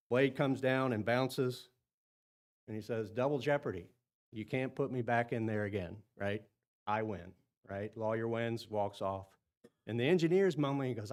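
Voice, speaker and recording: A man speaks at a professional seminar in a meeting room full of people, his voice sitting at an ordinary middle pitch. He talks in a chatty, loose way, stumbling over repeated words and pausing to ask his audience whether things make sense. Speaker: seminar presenter. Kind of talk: conference talk to engineers.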